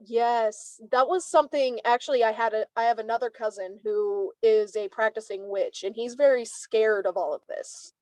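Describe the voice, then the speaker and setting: A young woman from Savannah, a guest in a casual conversation, animated as she tells stories and acts out what others said. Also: a little high, normal speed, hardly any pauses, no echo, low-quality recording. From Savannah, Georgia, US. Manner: animated storyteller, acts out quoted speech.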